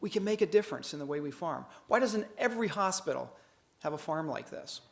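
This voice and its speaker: A man's voice: on the high side, a little fast, creaky. A man giving a conference keynote in a folksy, storytelling way, acting out the dialogue of the people in his stories. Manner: folksy, animated, acts out dialogue. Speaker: keynote speaker.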